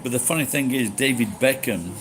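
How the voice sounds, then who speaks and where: A middle-aged man from Yorkshire, chatting casually on a livestream, rambling and halting, speaking slowly and swearing now and then. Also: medium pitch, over music, poor audio. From Yorkshire, England. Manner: talks slowly and deliberately. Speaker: livestream host. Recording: steady background noise.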